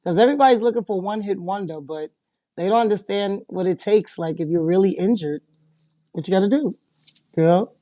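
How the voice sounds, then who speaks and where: A woman paralegal tells stories in a casual interview, lively and quick to laugh. Her voice is warm and mellow, set in a middle register. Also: mid-range voice, no room sound. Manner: animated storyteller, laughs often.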